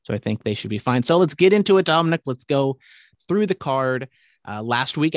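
A young man talks through football picks on a casual podcast, rambling and dropping swear words. His voice sits at an ordinary pitch. The sound is dry and close, with no room around it. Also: lively intonation, dry recording. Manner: rambling, profane, quick asides. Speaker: podcast host. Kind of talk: casual sports chat.

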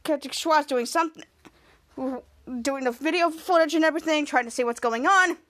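A woman's voice: sits high, a little fast, fairly bright tone. A woman podcast host recapping a TV episode scene by scene, with stumbling restarts.

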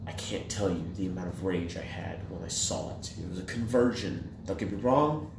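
A man co-hosting a podcast, ranting in profane casual banter that swings between loud outbursts and low mutters. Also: a little fast, gravelly. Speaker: podcast co-host. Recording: echoey room with faint noise.

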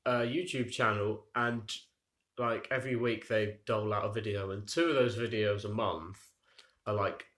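A man's voice: on the low side, steady tone, moderate pace, a bit bright. A young man co-hosting a podcast, telling long rambling stories in casual chat and laughing at his own tangents. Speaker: podcast co-host. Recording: roomy echo.

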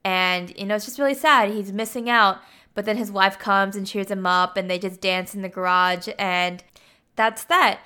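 A woman recounts a movie's story in a loose, chatty way, leaning on filler words as she goes. Her voice is bright and crisp, sitting at an ordinary pitch. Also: steady tone, normal speed. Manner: chatty, with frequent 'like' and 'you know'. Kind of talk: casual film plot retelling.

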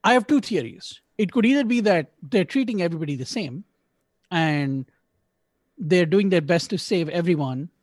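Male podcast host, slightly higher voice, dry close sound, rambling casual review. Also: animated, moderate pace, a little mellow, no echo. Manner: rambling, self-correcting, joking asides. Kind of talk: casual episode review chat.

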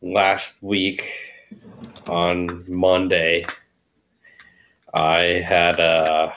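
A man's voice: low voice, completely flat delivery, very slow, a bit bright, a little hiss or hum. A man co-hosting a casual podcast, rambling through a story with constant filler words. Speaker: podcast co-host. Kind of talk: casual chat.

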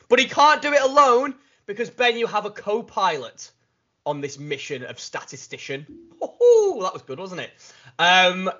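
A man's voice: fairly high pitch, sharp tone, dull audio. A man hosting a casual podcast, jokey and enthusiastic, with big bursts of laughter. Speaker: podcast host.

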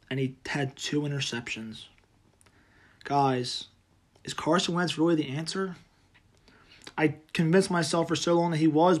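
A man hosting a solo sports podcast, angry and profane, swinging between loud outbursts and low, deflated muttering.

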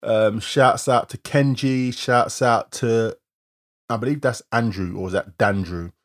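A man co-hosting a live-streamed podcast in casual chat, running through viewer shout-outs. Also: medium pitch, steady tone. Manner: chatty, reads out viewer shout-outs in a quick list. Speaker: podcast co-host.

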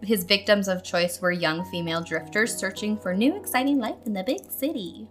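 A woman's voice: medium pitch, normal speed, faint music behind. A woman co-hosting a podcast, chatting casually and reading notes, with a giggly, chatty manner and a lot of "like". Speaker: podcast co-host.

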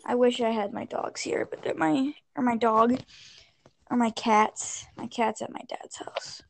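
A young woman with a high voice talks slowly and loosely on a casual podcast. She rambles, gets distracted and swears offhandedly between half-finished thoughts. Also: gravelly. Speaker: podcast co-host. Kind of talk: casual chat.

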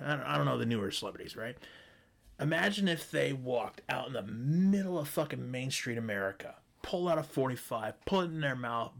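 A man's voice: medium pitch, gravelly. A man delivering a profane, heated monologue as a podcast host, sarcastic and mocking others in put-on voices. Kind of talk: ranting monologue.

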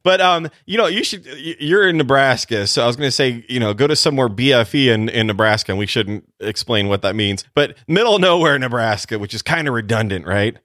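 A man's voice: medium pitch, animated, fairly quick, hardly any pauses, a bit bright, no room sound, studio quality. A man co-hosting a casual podcast, teasing his partner and cracking dad jokes. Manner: jokey teasing with self-described dad jokes. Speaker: podcast co-host.

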